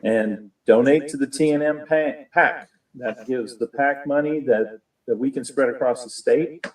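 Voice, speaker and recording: A man's voice: mid-range voice, measured pace. A man on an online meeting who talks in a matter-of-fact, direct way. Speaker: deputy director of finance. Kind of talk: casual video-call meeting. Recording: distant call audio with faint noise.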